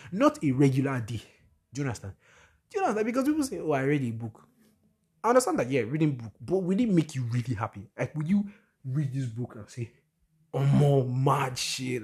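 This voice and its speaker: A man's voice: medium pitch, a little mellow, breathy edge. A young man hosting a solo podcast, talking animatedly and preachily with lots of rhetorical questions. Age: young adult. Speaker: podcast host. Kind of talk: casual solo podcast monologue.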